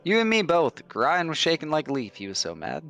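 A man's voice: a little high, sing-song, brisk, creaky, a bit bright, soft background music, pitched above the performer's own voice, full character voice. A man voicing a teasing old keep resident who chuckles through folksy stories.

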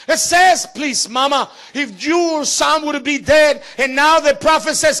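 A male pastor preaching a sermon, moving from quiet, low asides to loud, shouted calls for glory to God. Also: expressive, a little slow. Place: church sanctuary.

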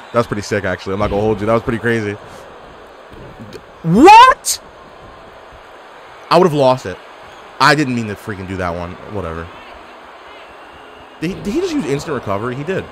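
A man's voice: medium pitch, very animated, fast talker, long pauses, background noise. A man giving casual gameplay commentary, exclaiming and throwing out playful trash talk. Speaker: gaming YouTuber.

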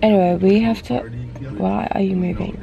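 A young woman from Australia chats to her camera from a car, rambling and casual with plenty of fillers. Her mid-pitched voice has a gravelly fry, rough with morning sleep. A handheld compact camera picks her up close. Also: steady tone, moderate pace, lo-fi sound, music in the background. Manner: chatty, rambling with many "like"s and "um"s. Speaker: vlogger. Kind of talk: casual travel vlog chat. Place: inside a car.

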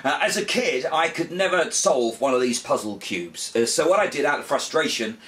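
Brief: male kids' magician, lively swooping delivery, jokey mock frustration. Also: mid-range voice, moderate pace, recorded from a distance. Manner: playful, mock-frustrated, big excited cheers. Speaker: children's magician. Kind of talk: comic magic show patter for children.

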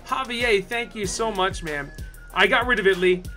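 Excitable Canadian man, bright high voice. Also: moderate pace, faint music behind. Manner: excitable, shouting out viewers. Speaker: streamer. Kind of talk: casual live-stream chat.

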